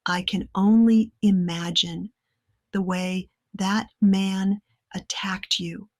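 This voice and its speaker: A woman reading a gentle young rancher man. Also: mid-range voice, level tone, takes it slowly, no echo, studio quality. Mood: tender. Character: earnest young male rancher, gentle and protective.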